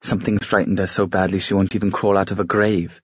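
A man's voice: deep voice, level tone, fast, husky, no room sound, studio quality. A man voicing an intense, reckless young shadow hunter in an audiobook, pleading and earnest.

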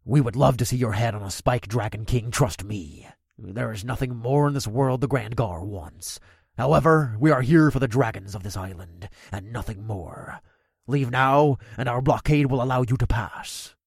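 A man voicing a smug, cunning male orc captain who speaks with calm, smirking menace in a storybook reading. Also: mid-range voice, moderate pace, vocal fry, slightly rough, no echo, studio quality. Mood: menacing.

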